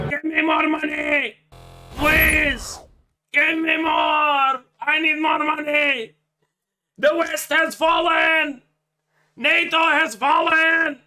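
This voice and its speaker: A man's voice: extremely high pitch, exaggerated voice. A man doing a shrieking, frantic begging leader. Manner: shouting, ranting, broken English. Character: frantic male wartime head of state begging for cash. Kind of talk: comedic impression on a livestream.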